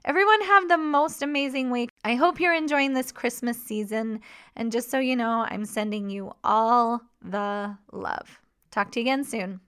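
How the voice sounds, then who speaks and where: A woman hosting a podcast, talking in a warm, encouraging coaching tone. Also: fairly high pitch, normal speed, clear, resonant tone. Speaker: podcast host and mission coach. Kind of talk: podcast monologue.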